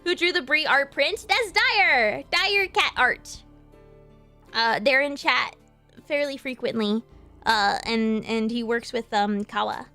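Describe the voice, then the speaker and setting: A young woman streams from home, telling crude, rambling, playful stories with a high, bright voice. Soft music plays faintly behind her. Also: expressive, slow pace. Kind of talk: casual stream chat.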